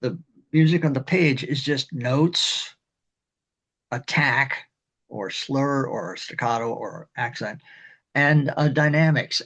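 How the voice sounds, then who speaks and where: An older man, a community band director, explaining conducting in a rambling, halting way and singing rhythms. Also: medium pitch, fairly bright tone, highs cut off. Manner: rambling, halting, with many fillers and sung rhythms. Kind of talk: instructional talk on conducting.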